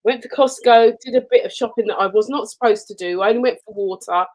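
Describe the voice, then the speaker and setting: A woman co-hosting a radio chat show, telling personal stories in an expressive way. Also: fairly high pitch, fast talker, low-quality recording. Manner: warm storytelling, expressive.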